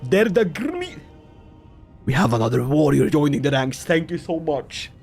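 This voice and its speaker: A man's voice: on the high side, moderate pace, vocal fry, slightly rough, faint music behind. A man from Sweden streaming a strategy game live, joking and chatting with his viewers as he plays. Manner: animated, jokey, laughs often, talks to chat. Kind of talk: casual livestream game commentary.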